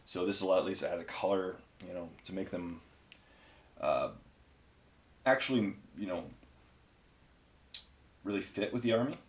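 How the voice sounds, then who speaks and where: Man, fairly low voice, casual rambling chat, painting tutorial host, lots of ums. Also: measured pace, long pauses. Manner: rambling, chatty, many fillers. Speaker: hobby painting video host.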